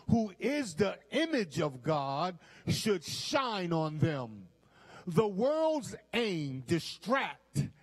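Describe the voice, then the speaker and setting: A man with a high voice preaches a sermon at an unhurried pace, leaning hard on key words. He repeats his main points and keeps calling out to the congregation to stay with him. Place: church.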